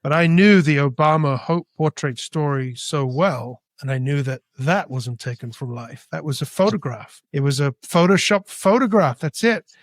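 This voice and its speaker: Animated man raised in Spain. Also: a little high, normal speed, hardly any pauses, no echo. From born in Britain, raised in Spain. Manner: animated, acts out dialogue. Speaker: guest artist. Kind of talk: storytelling interview.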